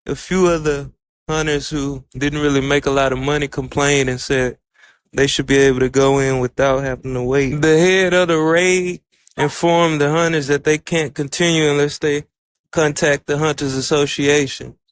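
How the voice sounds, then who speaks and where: Male anime reviewer, relaxed storyteller with a slightly higher, clean voice. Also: normal speed, smooth. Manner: loose, conversational storytelling with "like" fillers. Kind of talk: casual episode recap.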